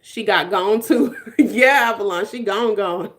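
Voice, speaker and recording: A woman's voice: mid-range voice, unhurried. A woman in her twenties hosting a casual live stream, chatting with viewers in a playful way, laughing often and dropping slangy asides.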